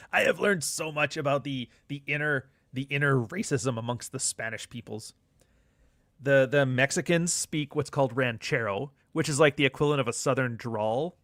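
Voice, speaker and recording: A middle-aged man hosts a live show and reads viewer comments aloud. He jokes and swears freely as he talks. His voice sits at an ordinary middle pitch, and the recording is dry and close, with no room echo. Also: normal speed, a bit bright. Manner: loose, profane, joking banter with frequent asides. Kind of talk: casual livestream chat, reading viewer comments.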